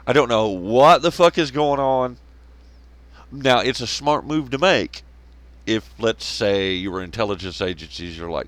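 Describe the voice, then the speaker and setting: A man's voice: mid-range voice, lively intonation, measured pace, fairly bright tone. A man hosting a solo commentary show, rambling, swearing a lot and laughing at his own jokes. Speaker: podcast host.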